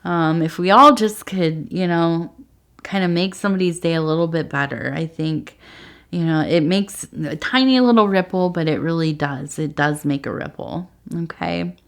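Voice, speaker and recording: This tea leaf reader's voice runs lowish and her pace is normal as she wraps up casually with her audience. Emotional and nearly crying, she wanders and hesitates, filling gaps with fillers, yet stays earnest and affectionate.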